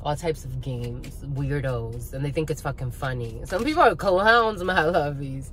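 A woman's voice: low-pitched, expressive, normal speed, slight background noise. A woman giving a tarot reading to her viewers, blunt and profane, ranting with bursts of laughter and calling them "my lovies.". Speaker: spiritual reader.

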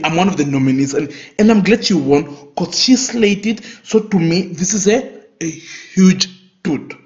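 A man, giving casual, opinionated fashion commentary with big animated swings in his voice. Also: fairly high pitch. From Namibia. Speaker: fashion vlogger. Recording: dull lo-fi recording.

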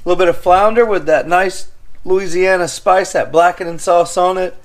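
A man's voice: high voice, fairly even intonation, normal speed. A middle-aged man, hosting a cooking vlog in a home kitchen and talking straight to viewers in a folksy, upbeat way. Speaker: fishing channel host. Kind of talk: casual cooking vlog talk.

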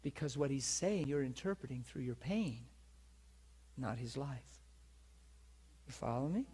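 A man's voice: medium pitch, animated, a little slow, husky. A man preaching, telling a personal story to a congregation and often checking that his listeners follow him. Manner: intimate storytelling that swings from hushed and tearful to loud and laughing. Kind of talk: sermon storytelling.

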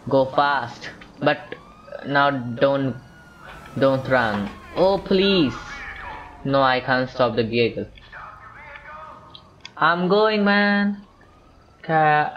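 A man with a medium-pitched, fairly bright voice rambles through casual let's-play commentary, talking to himself and to the characters on screen as he plays a video game. The audio is dull with slight background noise.

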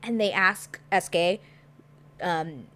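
A woman's voice: lowish voice, takes it slowly, a bit bright. A woman hosting a casual TV recap, chatty and gushing, with plenty of fillers. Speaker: show recap host.

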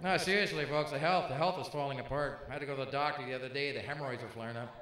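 A man's voice: mid-range voice, rapid-fire. A middle-aged man doing brash, punchy stand-up comedy on a club stage, bantering with the crowd. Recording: echoey live room with faint ambience.

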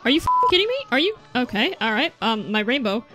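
A young woman chatting through a platform game, her voice high and bright. It swings widely in pitch as she yelps, swears and laughs at her own mistakes. Faint game music plays underneath. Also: brisk. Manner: excitable, swears often, yelps and laughs at mishaps. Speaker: gameplay streamer. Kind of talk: casual gameplay commentary.

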